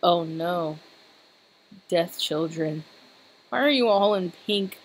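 A woman's voice: lowish voice, slow. A woman giving casual, giggly commentary while playing a video game, exclaiming and joking as she goes. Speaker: let's play host.

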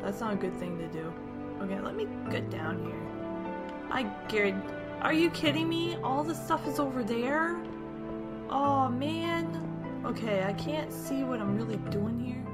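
A young woman giving live commentary on her gameplay, jumpy and exclaiming often as she talks to her viewers, over loud game music. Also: sits high, expressive, measured pace. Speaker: gaming YouTuber.

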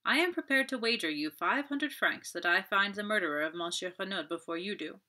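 A woman's voice: mid-range voice, expressive, a little fast, sharp tone. A woman voicing a fussy, proud male detective, formal and clipped. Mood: haughty. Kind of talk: audiobook character voice.

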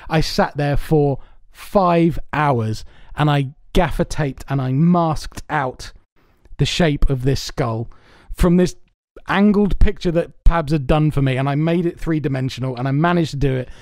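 Fairly high in pitch yet darkish in tone, this man's voice moves at a measured pace with hardly any pauses, captured at studio quality without echo. He co-hosts a podcast from a soundproofed home setup, rambling through stories with lots of laughter and cursing.

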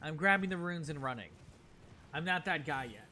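A young man streaming a video game live, reacting excitably, talking to himself and thanking chat. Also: a little high, normal speed, background noise. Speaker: gaming livestreamer. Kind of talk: live gameplay commentary.

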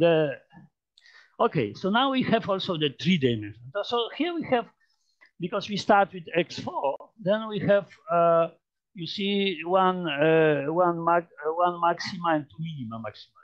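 A man with a Polish accent gives an informal mathematics lecture in a fairly high voice. He talks haltingly, with many fillers, restarts and repeated phrases. The recording sounds dull and lo-fi. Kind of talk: informal lecture demonstrating on a computer.

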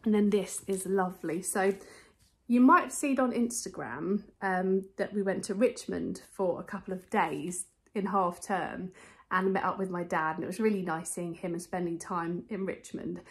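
A woman's voice: on the low side, normal speed. A British woman chatting to camera in a casual vlog, rambling and correcting herself as she goes. She talks from home into a phone camera. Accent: British English. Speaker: vlogger showing a charity shop haul.

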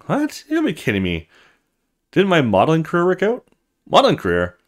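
A man voicing a vain young woman in a video game, speaking in a shrill, disbelieving way. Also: wildly swooping pitch, brisk. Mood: shocked.

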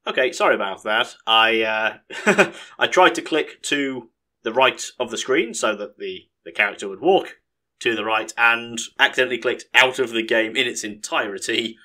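A man's voice: medium pitch, moderate pace, bright, forceful tone. A man giving casual, sarcastic commentary while he plays a game. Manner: chatty, sarcastic, laughs at his own mishaps. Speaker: let's play host.

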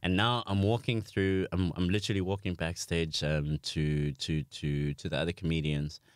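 A young South African man with a low voice and South African accent tells self-mocking stories as a guest on a comedy podcast. He's animated and speaks at a moderate pace, recorded in studio quality without echo.

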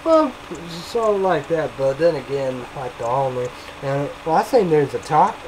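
A young man vlogging a casual review, rambling, swearing and shouting hype catchphrases. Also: fairly high pitch, sing-song, normal speed, background noise.

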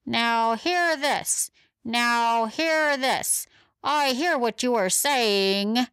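A woman narrator voicing a pompous talking dog making slow proclamations in a storybook. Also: on the high side, fairly bright tone, clear, resonant tone, dry recording, voice pushed up. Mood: proclaiming.

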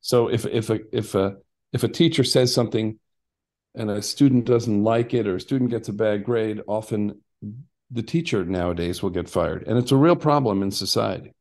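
A man's voice: on the low side, normal speed, darkish tone. An older man, a former actor and basketball coach, chatting in an interview and telling stories in a rambling way with frequent restarts and asides. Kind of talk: casual interview storytelling.

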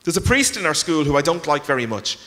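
A man's voice: sing-song, quick pace, a bit bright. A man reading aloud, voicing a nervous, candid fourteen-year-old boy at confession. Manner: hesitant, candid, pitch jumping upward. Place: large concert hall. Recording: long concert hall reverb.

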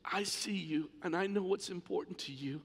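A man's voice: sits high, normal speed, husky. A man preaching a sermon as pastor in a church sanctuary, in an impassioned, emphatic way. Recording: long church reverb.

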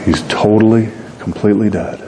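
Man preaching in a reverberant church. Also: moderate pace. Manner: conversational storytelling with acted-out dialogue. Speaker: pastor. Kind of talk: sermon. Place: church sanctuary. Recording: long reverb with faint rumble noise.

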